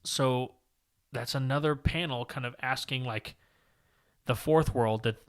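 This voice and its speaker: A man's voice: mid-range voice, unhurried, clear, resonant tone. A man co-hosting a comic book podcast, casually recapping and reading panels aloud in a long-winded, rambling way. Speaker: podcast co-host.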